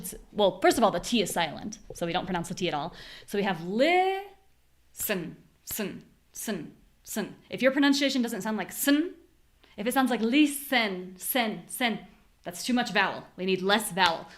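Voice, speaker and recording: American woman, live pronunciation teacher, clear and patient, punches stressed syllables when demonstrating. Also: mid-range voice. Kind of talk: live online class.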